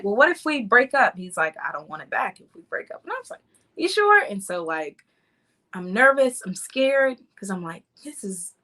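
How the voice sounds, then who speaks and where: A woman in her thirties, a podcast host, telling a personal love story in a lively, emotional way, at times laughing and close to tears. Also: on the low side.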